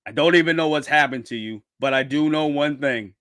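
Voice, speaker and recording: A man reacting live to a manga chapter, reading it aloud and breaking into loud, slangy, repetitive outbursts. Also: a little high, a little fast. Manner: excitable, loud outbursts, slangy, repeats himself. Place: home streaming setup with green screen.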